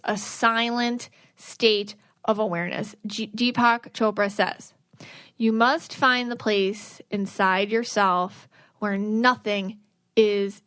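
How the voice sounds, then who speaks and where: A woman's voice: a little high, fairly bright tone, dry recording, studio quality. A woman hosting a spiritual advice podcast, talking earnestly and conversationally, acting out inner voices. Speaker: podcast host.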